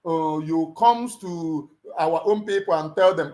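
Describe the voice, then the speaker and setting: Impassioned Nigerian man, higher voice. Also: measured pace, warm tone. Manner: emphatic, repeats lines like a preacher. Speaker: livestream host. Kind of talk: impassioned livestream address.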